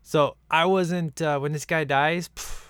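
A man's voice: a little high, steady tone, a little slow, a bit bright, smooth, no room sound. A man in casual, rambling chat as he watches a film at home, laughing often. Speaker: movie commentary viewer.

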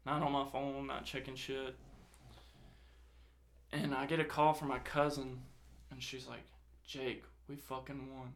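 A man's voice: mid-range voice, a little slow, gravelly, long pauses. A young man casually telling a personal story, swearing often and acting out quoted dialogue. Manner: swears a lot, animated retelling with quoted dialogue.

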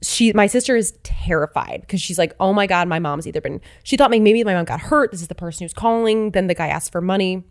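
A woman's voice: on the low side, fast talker, hardly any pauses, no room sound, studio quality. A woman podcast co-host with a cold, sniffling as she tells a story in casual chat. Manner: animated storytelling, quotes family members.

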